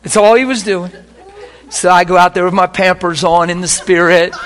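A man preaching a sermon, telling a personal story with animated swings between hushed quoted prayer and loud, laughing bursts. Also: high voice, normal speed. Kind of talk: sermon testimony.

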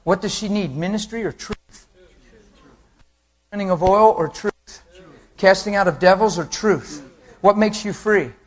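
A male preacher delivers a sermon in a slightly raised, husky voice. He tells his story with animation, dropping into quoted voices and laughing along with his listeners. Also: high-pitched, a little slow, long pauses. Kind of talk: sermon with acted anecdotes.

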